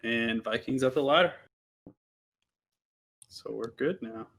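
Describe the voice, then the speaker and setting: Gravelly-voiced male co-commentator. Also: medium pitch, slow, a bit bright. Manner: agreeable, hesitant, many uh-huhs and restarts. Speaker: guest commentator. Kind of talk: casual live game commentary.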